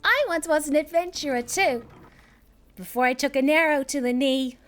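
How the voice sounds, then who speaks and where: A woman voicing a bubbly female adventurer-doctor in a squeaky, nasal voice while playing a game. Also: normal speed, fairly bright tone. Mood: playful. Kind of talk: voicing a game character live.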